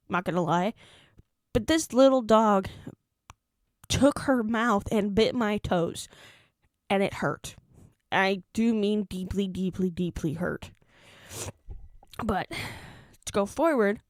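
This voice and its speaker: A woman's voice: mid-range voice, no echo, clean studio sound. A young woman vlogger telling a personal story in casual chat, rambling, repeating words and restarting her sentences, into a desk mic. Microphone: desk microphone.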